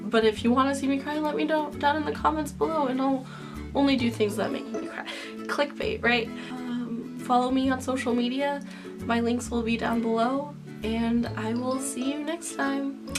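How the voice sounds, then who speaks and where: Emotional young woman vlogger, higher voice. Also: steady tone, normal speed, music in the background. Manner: emotional, earnest, rambling with "like" fillers. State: tearful. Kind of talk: reaction vlog rant.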